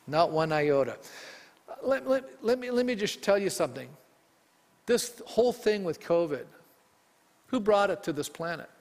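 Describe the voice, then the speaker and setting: A man's voice: high-pitched, animated, normal speed, pauses often, darkish tone. A male pastor preaching a sermon to his congregation, emphatic and full of rhetorical questions. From Canada. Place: church sanctuary. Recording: long reverb of a church hall.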